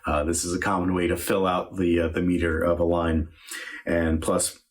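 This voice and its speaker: Deep-voiced male acting teacher walking through verse line by line, unhurried and thinking aloud. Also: little pitch movement. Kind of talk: lesson on Shakespeare verse.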